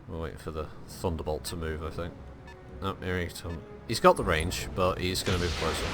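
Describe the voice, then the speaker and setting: A man's voice: low-pitched, fairly quick. A man giving casual, profane commentary while playing a game and poking fun at its voices. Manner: chatty, swears, mocks voices. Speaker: gaming streamer. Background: game music.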